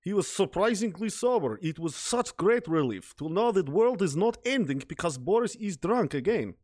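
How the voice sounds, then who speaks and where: A man doing a Russian storyteller with a heavy put-on accent and clumsy, article-dropping English. The voice takes on a different color from his normal talk and sits a little quieter and more hushed. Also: sits high, very animated, moderate pace, dry recording, clean studio sound. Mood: relieved. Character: sober-minded Russian man recalling the past.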